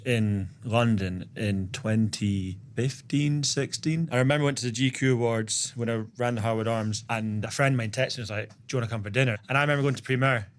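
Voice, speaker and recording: A man's voice: medium pitch, a little fast, few pauses. A man from the southwest of the country, a restaurant owner telling rambling anecdotes in a casual podcast chat. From Southwest Scotland.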